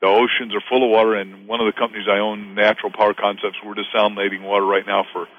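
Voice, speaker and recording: A man's voice: little pitch movement, fast. Rambling male author on lo-fi audio. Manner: rambling, repeats words, pitches his offers. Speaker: author and guest. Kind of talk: motivational interview talk.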